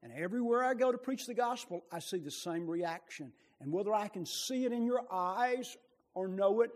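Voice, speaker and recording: A man preaching a sermon with passion, rising to loud bursts and dropping to quiet, low asides. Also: in a large hall.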